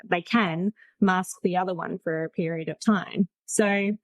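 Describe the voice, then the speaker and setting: A woman's voice: fairly low pitch, fairly even intonation, unhurried, no echo. A woman in her forties, a podcast guest, telling her story in a chatty, frank way and laughing easily. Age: 40s. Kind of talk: casual storytelling.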